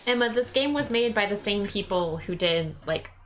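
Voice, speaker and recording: A woman's voice: mid-range voice, animated, normal speed, a bit bright, slight background noise. Chatty woman streamer. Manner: chatty, giggly asides. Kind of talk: casual let's-play chat.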